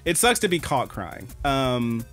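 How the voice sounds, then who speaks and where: A man co-hosting an anime podcast, telling stories in an animated, swearing, casual way. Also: mid-range voice, a little slow, faint music behind. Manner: animated storyteller, swears a lot. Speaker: podcast co-host. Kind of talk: casual chat.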